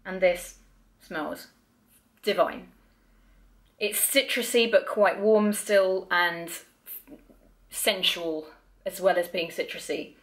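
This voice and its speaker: A woman's voice: on the low side, takes it slowly, long pauses, a bit bright. A young woman reviewing makeup and perfume in a casual vlog, chatty and blunt, swearing freely and poking fun at herself. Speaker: beauty vlogger.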